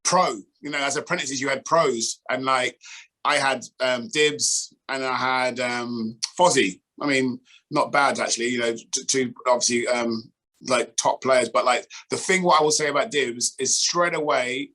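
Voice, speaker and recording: Bright-voiced chatty man. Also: medium pitch, steady tone, measured pace. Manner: chatty, filler-heavy. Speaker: co-host, former player. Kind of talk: casual storytelling.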